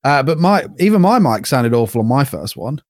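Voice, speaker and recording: A man's voice: mid-range voice, sing-song, a little fast, dry recording, studio quality. A young man, co-hosting a casual podcast chat in a laid-back way. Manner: laid-back, short replies, laughs often. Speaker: podcast co-host.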